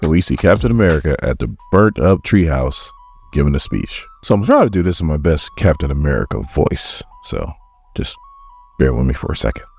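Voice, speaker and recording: A man's voice: very deep voice, sing-song, brisk, vocal fry, a little mellow, soft background music. A man hosting a casual comic book recap vlog, chatty and jokey, acting out the characters' lines as he goes. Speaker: comic book reviewer and channel host.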